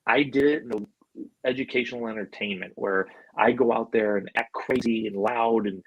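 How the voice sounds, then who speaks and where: A man's voice: mid-range voice, moderate pace, slightly rough, dry recording, muffled recording. A middle-aged man from Buffalo, telling stories as a podcast guest in a loose, chatty way, full of "like" and "you know" and casual swearing. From Buffalo, New York, USA. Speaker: podcast guest, animal handler. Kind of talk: casual storytelling.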